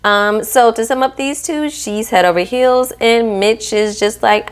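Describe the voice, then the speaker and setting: A woman talks through a reality TV episode in a casual, sassy recap. She is animated and playful, and she often acts out the people on the show as she quotes them. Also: fairly high pitch, measured pace, clean tone. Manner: sassy, animated, quotes cast members in voices.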